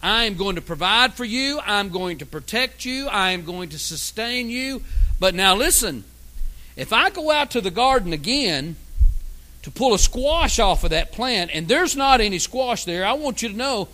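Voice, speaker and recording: A man's voice: high voice, lively intonation, moderate pace, bright, forceful tone, rough recording. A man preaching a sermon in a folksy, emphatic way, reading scripture aloud. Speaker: pastor.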